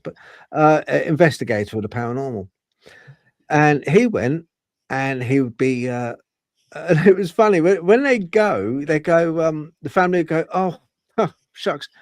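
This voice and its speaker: Male podcast host, lively up-and-down voice, rambles and restarts, dry close sound. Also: fairly high pitch, no echo. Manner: rambling, with many fillers and restarts. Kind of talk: casual storytelling chat.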